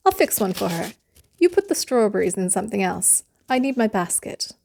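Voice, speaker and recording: A woman voicing a sensible, helpful neighbor in a children's story, with a brisk, slightly fussy manner. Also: mid-range voice, big pitch swings, vocal fry, a little mellow. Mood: brisk, concerned.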